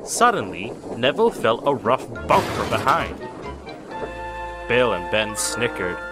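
A man narrating a children's story in an expressive storybook style. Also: mid-range voice, a little slow. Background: music.

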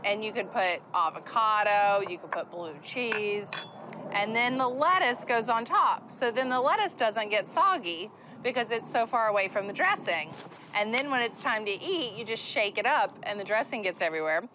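A woman's voice: medium pitch, expressive, normal speed, noisy background. A woman co-hosting a TV cooking show, explaining a recipe in a chatty, upbeat way from a studio kitchen. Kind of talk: TV cooking demo.

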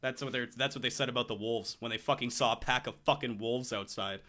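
A man's voice: medium pitch, steady tone, fast, pushed and bright. A young man hosting a casual podcast, sarcastic, swearing a lot and playing mock-arrogant. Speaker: podcast host. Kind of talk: casual profane banter.

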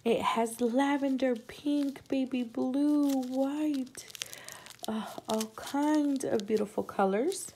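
A woman hosting a casual unboxing chat from her home craft room. She gushes excitedly, often gasps, and keeps calling viewers "you guys.". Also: high voice, takes it slowly, a little hiss or hum. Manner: gushing and excitable, often gasping. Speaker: crafting channel host.

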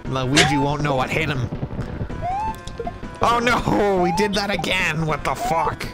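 A man giving casual gameplay commentary, swearing and joking, slipping into quick mock voices for the game villain. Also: a little high. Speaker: let's play commentator. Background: game music.

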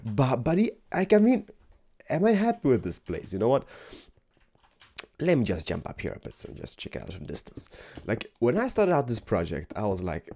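Young male gaming host, tired morning voice, warm low-key tone, chatty and rambling with wide pitch swings. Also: moderate pace, vocal fry, husky. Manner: rambling, animated, repeats words, drops into whispers. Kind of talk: casual gameplay commentary.

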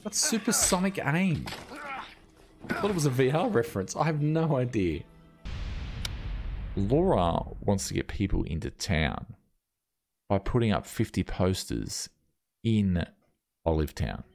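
A man giving jokey, excitable live commentary as a game streamer, joking with chat and swearing now and then. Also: on the low side, measured pace, long pauses. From Australia.

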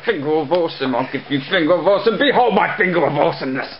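A man's voice: fairly high pitch, lively intonation, very fast, over a noisy crowd. Playful young man vlogging outdoors. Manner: playful, jokey, laughs a lot. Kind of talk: casual handheld vlog banter. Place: outdoors in a park. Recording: dull lo-fi camcorder audio, loud hiss.

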